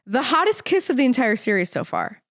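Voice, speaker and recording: Animated woman recapping a show. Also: on the high side, brisk, no room sound, clean studio sound. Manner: animated, acts out characters' lines while retelling. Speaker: podcast co-host. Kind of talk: casual chat recapping a TV show.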